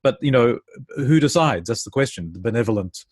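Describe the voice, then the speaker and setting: A man's voice: medium pitch, animated, brisk, breathy edge, no room sound, studio quality. A man taking part in a casual online interview as co-host, often repeating his own phrases.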